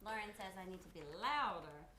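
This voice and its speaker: A woman's voice: medium pitch, animated, a little fast, echoey room, crowd noise. A young woman co-hosting a live show from a studio, upbeat and bubbly. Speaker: co-host. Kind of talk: casual live-stream chat.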